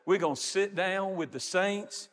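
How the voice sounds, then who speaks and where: A middle-aged man preaching a sermon as pastor, building to shouts and stretching out his phrases. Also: high-pitched, a little slow. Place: large church sanctuary. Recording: reverberant hall. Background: congregation.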